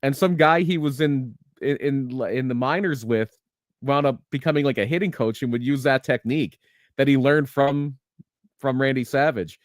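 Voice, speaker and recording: A man co-hosts a casual wrestling podcast, rambling through stories with many restarts and chuckles. He speaks at medium pitch and moderate pace, recorded in studio quality with no room sound.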